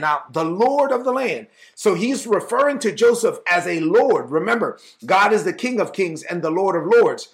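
A man with a high voice preaches an informal Bible teaching. He talks straight to his listeners in a conversational, lively way, and he acts out the people in the story as he goes. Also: moderate pace, creaky, few pauses. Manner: conversational, animated, acts out dialogue. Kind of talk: casual sermon teaching.

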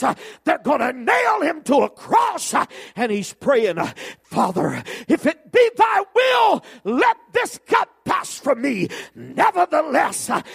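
A man preaching a fiery sermon, building to shouts and then dropping to quiet asides. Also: high-pitched, vocal fry, slightly rough.

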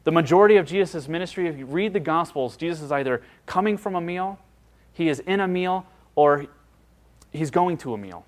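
A pastor with a fairly high male voice delivers a sermon in a conversational style. He leans on repetition for emphasis and keeps turning to the congregation with questions. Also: brisk. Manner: emphatic, repeats phrases for stress; conversational preaching with rhetorical questions.

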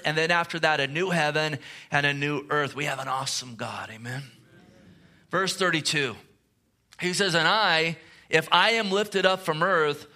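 A man's voice: sits high, pushed and bright. A man preaching a sermon, asking the listeners earnest questions and reading scripture aloud. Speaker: pastor.

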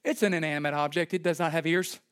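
A man's voice: a little high, steady tone, fast talker, fairly bright tone, smooth. A young man preaching a sermon as pastor, conversational and emphatic, joking with his congregation.

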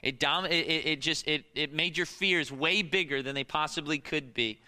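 A man's voice: fairly high pitch, moderate pace, sharp tone, smooth, big-room sound. A man preaching a sermon as pastor, emphatic and asking the congregation rhetorical questions. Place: church.

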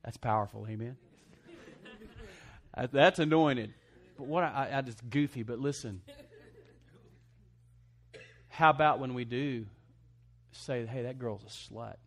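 Speaking slowly and pausing often, this pastor preaches in a medium-pitched male voice. His sermon invites amens from the congregation, and he gets laughs by imitating the voices of the people he quotes.

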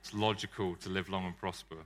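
A preacher voicing Spock, a calm and logical male alien officer, in a playful aside. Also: low voice, brisk, pitched below the performer's own voice. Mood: deadpan.

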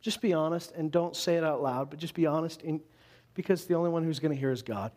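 A man preaching a sermon with an earnest, building delivery. His voice sits high for a man, and he drives points home by repeating phrases. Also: quick pace, a little mellow. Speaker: pastor.

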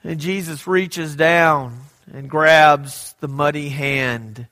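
A man's voice: a little high, steady tone, takes it slowly, sharp tone. A man preaching a sermon, telling stories with drama and acting out the quoted lines. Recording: echoey hall.

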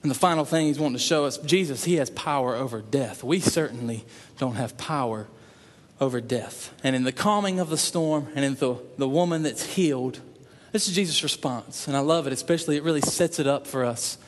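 A man's voice: medium pitch, brisk. A man preaching a sermon in an earnest way, repeating phrases for emphasis and voicing prayers aloud. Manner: earnest, repetitive emphasis, acts out prayers in quotes. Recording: long reverb in a hall.

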